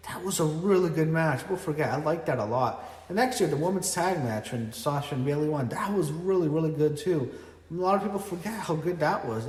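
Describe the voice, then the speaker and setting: A man reviewing a wrestling show in a casual, blunt way, cursing often and getting loudly fed up. His voice sits at an ordinary middle pitch. The room echoes, with a long reverb tail. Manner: blunt, swears a lot, gets loudly exasperated.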